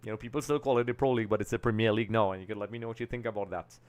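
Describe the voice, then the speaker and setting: Very fast and fairly even in intonation, his fairly low voice is darkish and clean. The young Trinidadian is hosting a live football talk stream, loose and a bit rambling, thinking out loud as he gets things up on screen.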